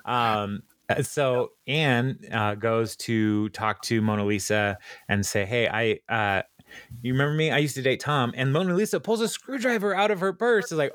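A man hosting a podcast, retelling a TV episode in casual chat, with many ums and quick laughs. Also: mid-range voice, fairly bright tone, no echo. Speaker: podcast host recapping a TV episode.

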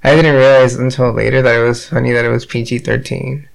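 Gravelly man, brief laid-back comments. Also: medium pitch, flat delivery, quick pace. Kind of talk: casual chat.

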